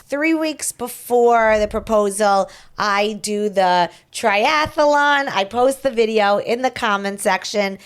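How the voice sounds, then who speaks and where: A woman's voice: medium pitch, takes it slowly, hardly any pauses, clear, resonant tone. A woman podcast host in casual chat, telling a story with lots of back-and-forth and quoted messages.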